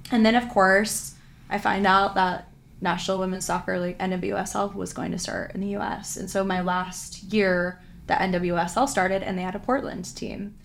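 A woman, a former pro soccer player, telling lively anecdotes in a casual chat and acting out what people said. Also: mid-range voice, normal speed, gravelly. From Vancouver area, Washington, US. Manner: lively anecdotes, acts out quotes, laughs often.

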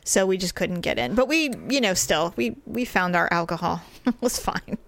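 A woman in her forties telling a story in casual, animated chat as a podcast co-host. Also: on the low side, creaky. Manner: chatty, animated, quick asides.

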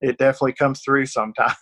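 A man's voice: mid-range voice, fairly even intonation, fairly quick, fairly bright tone. Chatty man with a rural Georgia accent. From Northeast Georgia, US. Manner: chatty, self-deprecating, laughs often, frequent restarts. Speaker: actor guest. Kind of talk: casual interview answers.

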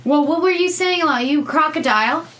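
A woman co-hosting a casual podcast chat, playful and quick to laugh and tease. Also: high-pitched, a bit bright. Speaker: podcast co-host.

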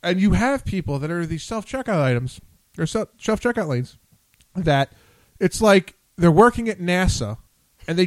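Brief: male radio host, slightly high voice, blunt and profane, dry close mic. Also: big pitch swings, normal speed, dry recording. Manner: blunt, profane, rambling with restarts. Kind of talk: casual on-air chat.

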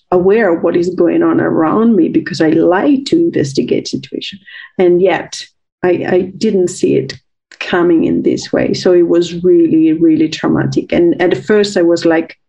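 A woman's voice: lowish voice, vocal fry, warm tone. Woman telling her story. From Italy. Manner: earnest, reflective, repeats words when searching. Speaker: guest, author and coach. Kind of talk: interview storytelling.

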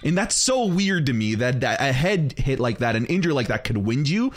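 A man's voice: medium pitch, very animated, fairly quick. A young American man co-hosting a podcast, asking long rambling questions full of ums. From United States. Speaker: podcast co-host. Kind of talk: casual interview talk.

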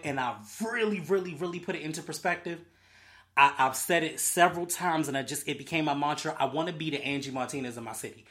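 A young adult hosting a solo podcast in an excitable, rambling way, full of slang and swearing. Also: medium pitch. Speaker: podcast host. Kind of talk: casual solo podcast chat.

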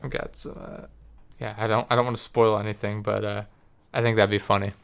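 A man's voice: fairly low pitch, flat delivery, a little fast, creaky, smooth. A young man co-hosting a podcast, telling rambling, profane, self-deprecating stories in casual chat. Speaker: podcast co-host and video editor.

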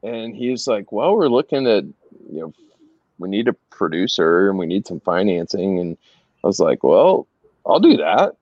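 A middle-aged man casually telling anecdotes as a guest, animated and laughing as he goes. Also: low-pitched, moderate pace, no room sound. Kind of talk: casual storytelling. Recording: dry, slightly dull sound.

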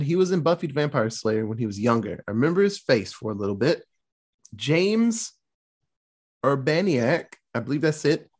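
A man co-hosting a podcast, reviewing a movie in casual chat, excitable and rambling, swearing freely. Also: a little high. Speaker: podcast co-host.

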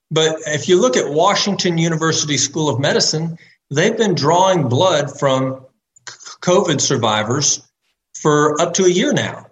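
A man who is a doctor, answering interview questions in a measured way and building his points step by step. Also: a little high, a bit bright, poor audio. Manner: measured, builds arguments in lists. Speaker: doctor guest.

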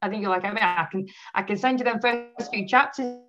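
A woman author talks through an easygoing interview, breaking into laughter often. Her voice sits at an ordinary pitch. The audio is muffled and lo-fi. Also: fast. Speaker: author guest. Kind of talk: casual interview chat. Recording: dull lo-fi audio.

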